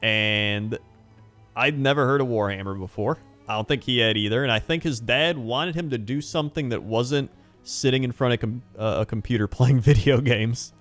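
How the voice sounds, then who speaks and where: A man's voice: medium pitch, normal speed, fairly bright tone, faint music behind. A man in his thirties, hosting a hobby channel, telling a rambling personal story in casual chat with fillers and frequent laughs. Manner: rambling, chatty, laughs often, many fillers.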